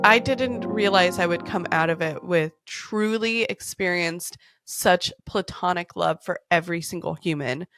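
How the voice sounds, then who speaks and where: A woman's voice: on the low side, unhurried, hardly any pauses, over music. A woman podcast host in her thirties, telling stories in a candid, casual way, swearing freely and laughing often. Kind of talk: casual storytelling chat.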